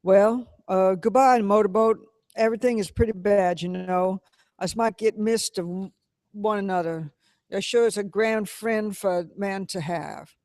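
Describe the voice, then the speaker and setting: A man's voice: sits high, steady tone, measured pace, a little mellow, dry recording, studio quality. A man voicing a young Southern man fleeing a flood, speaking urgent dialect. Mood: resigned.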